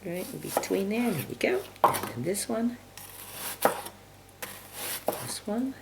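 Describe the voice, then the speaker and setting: A woman giving a casual cooking demonstration in her home kitchen, chatting and clearing her throat often. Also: medium pitch, very animated, slow pace. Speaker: home cook demonstrating a recipe. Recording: home video with kitchen noise. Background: chopping, dishes and cutlery clatter.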